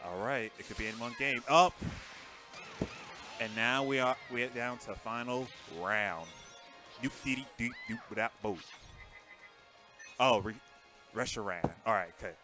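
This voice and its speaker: Calling a fighting game tournament live, a man keeps things casual and talkative, full of excitement. His delivery swings between loud bursts and quiet muttering.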